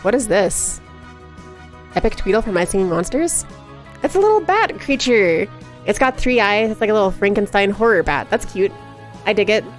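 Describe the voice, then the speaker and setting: A woman's voice: medium pitch, expressive, moderate pace, faint music behind. A woman live streaming who chats casually and reads chat aloud, giggly and playful with frequent laughter.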